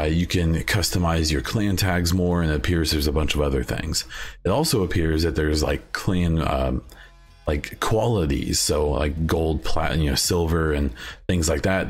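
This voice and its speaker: A young man hosting a solo gaming podcast, talking casually and rambling with plenty of fillers and restarts. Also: extremely low pitch. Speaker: podcast host.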